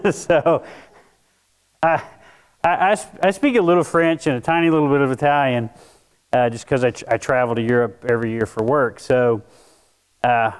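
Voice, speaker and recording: A pastor delivers his sermon as a relaxed personal story, his voice smooth and resonant. He is a man who often restarts his sentences and pokes fun at himself. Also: medium pitch, rough recording. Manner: conversational, self-deprecating, with frequent restarts.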